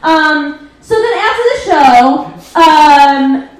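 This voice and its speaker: A woman's voice: sits high, expressive, very slow. A woman doing live stand-up, recapping a movie over slides with sarcastic, profane asides. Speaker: comedian presenting slides. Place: live comedy venue. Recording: very echoey live room.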